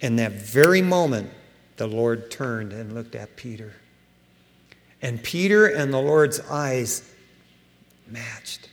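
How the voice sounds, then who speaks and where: A man preaching a sermon as pastor, animated and emphatic, with casual asides to his congregation. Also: medium pitch, slow pace, pauses often. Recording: long hall reverb.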